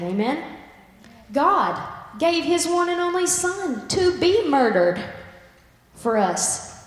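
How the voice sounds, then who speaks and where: A woman preaching a sermon and retelling a story with lively acted-out voices. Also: a little high. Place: church sanctuary. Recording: echoey church hall.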